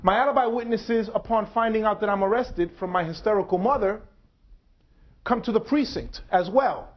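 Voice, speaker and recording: A man in his forties delivers a public lecture in short, measured phrases broken by dramatic pauses. His voice sits fairly high. The recording is dull and lo-fi. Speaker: speaker.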